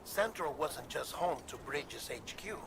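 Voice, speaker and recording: An actor playing a calm, commanding middle-aged male official in video game cutscene dialogue, measured and persuasive. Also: a little high, gravelly, very noisy.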